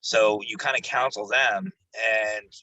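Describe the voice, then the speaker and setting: A man who investigates the paranormal, a guest on an interview show, telling his stories in a casual, animated way. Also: lowish voice, unhurried, no room sound, rough recording. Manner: animated, jumps into quoted voices, laughs while telling stories.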